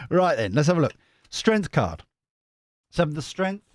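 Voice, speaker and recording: A man chats his way through a live tarot reading, rambling and poking fun at himself. His pitch swings up and down a lot and sits a touch high. The sound is close and dry. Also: expressive, unhurried, darkish tone, dry recording. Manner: chatty, rambling, self-mocking. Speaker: tarot reader. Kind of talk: live-stream reading, casual chat.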